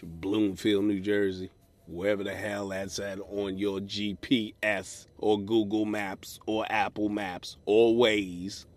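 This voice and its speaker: A man hosting a comedy podcast alone, ranting profanely from his car in a parking lot and mocking people in a high falsetto. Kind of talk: solo comedy podcast rant.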